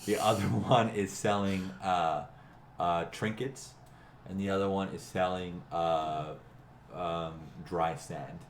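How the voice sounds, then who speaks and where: A man narrating as game master of an online tabletop game, halting and full of fillers. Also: low voice, steady tone. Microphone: online call mic. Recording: echoey room, faint hum.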